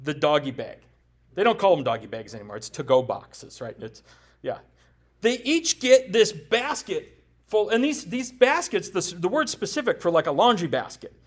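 A pastor from the United States preaching a sermon in a conversational style, with joking asides and frequent rhetorical questions to the congregation. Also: male voice, high voice, very animated, normal speed.

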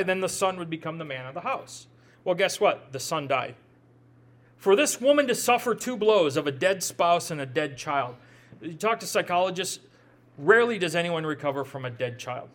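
A man's voice: high-pitched, a bit bright. A man with a Midwestern accent preaching a sermon as pastor, conversational, often repeating words as he thinks aloud and adding joking asides.

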